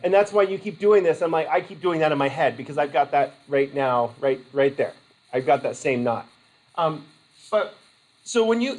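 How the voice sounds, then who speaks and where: A man's voice: high voice, rough recording. Chatty rambling male instructor. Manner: chatty, rambling, self-interrupting. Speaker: college instructor. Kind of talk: casual classroom lecture. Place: classroom.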